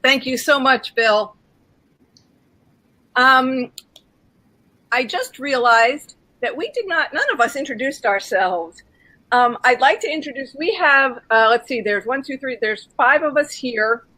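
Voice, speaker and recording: A woman with a high, bright voice moderates a live online coaching session. She speaks slowly while she introduces the other members. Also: animated.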